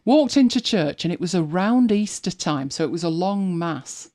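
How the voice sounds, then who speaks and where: A woman's voice: fairly low pitch, lively intonation, moderate pace, dark tone. A British woman hosting a live show in casual chat, telling rambling stories with frequent restarts and self-corrections. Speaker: host.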